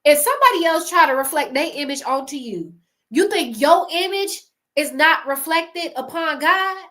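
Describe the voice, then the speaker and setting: A woman's voice: high voice, expressive, moderate pace, sharp tone. A woman, chatting casually to camera, giving motivational advice to creators, often laughing and calling her viewers y'all.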